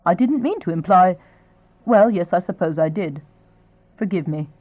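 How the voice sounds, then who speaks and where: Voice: mid-range voice, animated, moderate pace, dry recording, natural voice. A gracious elderly duchess, genteel and pleasantly insistent, as an audiobook reader puts her on. The audio is thin and phone-like. It sounds dry, with no room.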